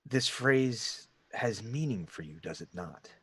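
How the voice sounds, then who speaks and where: A man doing a deep, gravelly hooded stranger. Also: animated, slow, a bit bright, no room sound, heavily acted. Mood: ominous.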